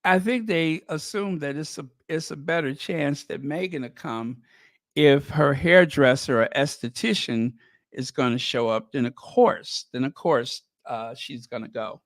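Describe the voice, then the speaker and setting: A man with a slightly high voice talks slowly and casually, hosting his own commentary channel. He rambles with plenty of fillers and false starts, and his tone is sarcastic and mocking. The sound is dry and close, with no room echo.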